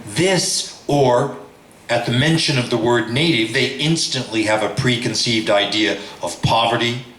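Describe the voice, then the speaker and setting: A man, a professor, reading a text aloud in a lecture in a slow, measured, deliberate way. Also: medium pitch, fairly bright tone, reverberant, slight background noise.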